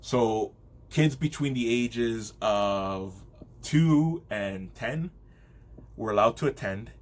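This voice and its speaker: A man delivering an indignant, profane monologue to his audience. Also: fairly low pitch. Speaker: video host. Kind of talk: angry monologue.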